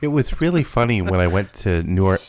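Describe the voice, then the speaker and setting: A man's voice: low voice, lively intonation, a little fast, darkish tone. A man from Minnesota hosting a podcast in casual chat, rambling and joking with many fillers. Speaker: podcast host.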